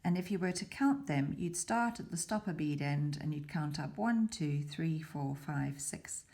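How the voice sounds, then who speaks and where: With a deep, mellow voice and lively intonation, a woman unhurriedly demonstrates beading one step at a time. As a tutor she stays patient and methodical, dropping to a whisper now and then while she focuses.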